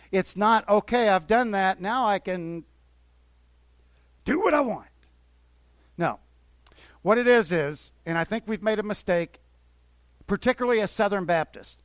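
A man's voice: high voice, no room sound. Earnest preaching man, dry close sound. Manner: earnest, conversational preaching with repeated phrases. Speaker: pastor. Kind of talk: sermon. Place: church.

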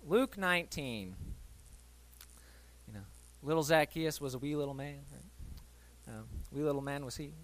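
A man's voice: on the high side, a little slow, long pauses, a bit bright. A man preaching a sermon, reading Bible stories and acting out the voices in them, talking to his listeners and asking them questions. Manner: conversational, asks the listeners questions. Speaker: pastor.

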